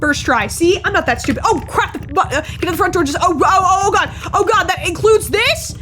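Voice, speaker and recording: A woman streamer giving casual commentary on a horror game, excitable, swearing and shrieking. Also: very high voice, a little fast, few pauses, background noise. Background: faint game music.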